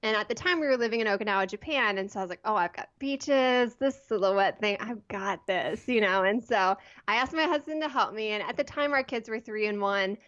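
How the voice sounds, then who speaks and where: A woman in her thirties, a podcast guest telling a personal story in a chatty, animated way with lots of "like". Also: mid-range voice, brisk, hardly any pauses, muffled recording. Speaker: guest, photography blogger. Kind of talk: casual interview storytelling.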